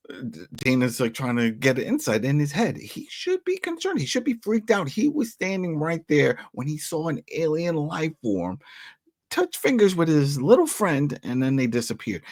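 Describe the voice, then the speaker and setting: Animated male podcast co-host, lively pitch. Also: no room sound, clean studio sound. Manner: animated, mimics characters with jokey voices. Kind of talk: casual TV recap chat.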